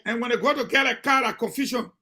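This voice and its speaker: A man's voice: extremely high pitch, fast talker, bright, forceful tone. A man with a Liberian English accent giving emphatic commentary on a call-in radio show, repeating his points for weight.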